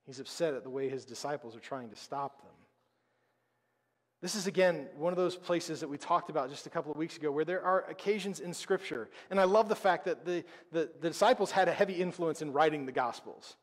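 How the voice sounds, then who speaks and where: A man preaching a sermon as pastor, conversational and emphatic, with dramatic pauses. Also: on the high side. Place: church sanctuary. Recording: long reverb of a church hall.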